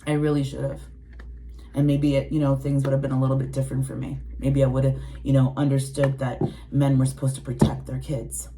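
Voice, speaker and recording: A woman's voice: a bass voice, completely flat delivery, brisk, dark tone, slight background noise. Blunt swearing woman in her late forties. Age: 40s. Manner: emotional, mimics voices. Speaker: tarot reader. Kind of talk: personal rant to viewers.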